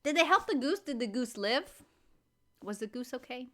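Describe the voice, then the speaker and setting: Bright, animated woman reacting. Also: high voice, moderate pace. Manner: exclaiming, full of incredulous questions. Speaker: reaction video host. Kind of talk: casual reaction commentary.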